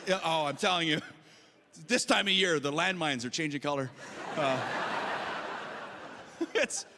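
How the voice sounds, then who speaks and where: Bright-voiced Canadian stand-up comedian. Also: male voice, on the high side, big-room sound, a little hiss or hum. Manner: chatty storytelling, asking the crowd "right?". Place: comedy festival stage.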